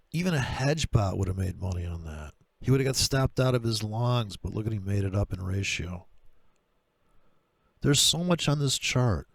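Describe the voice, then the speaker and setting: A man talking through trading charts in a profane, sarcastic rant, with a gravelly voice. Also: lowish voice, dry recording. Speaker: trader. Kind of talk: screen-share trading commentary.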